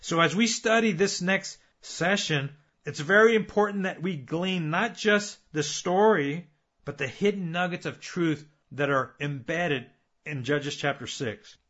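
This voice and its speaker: A man's voice: on the high side, unhurried, a bit bright, lo-fi sound. A man preaching a sermon, earnest and building his points with repeated phrases and rhetorical questions.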